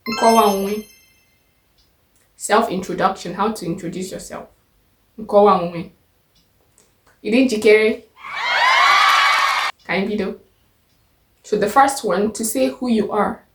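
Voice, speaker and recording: A Nigerian woman teaching a language lesson, patiently repeating each phrase slowly and clearly. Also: mid-range voice, roomy sound, background noise.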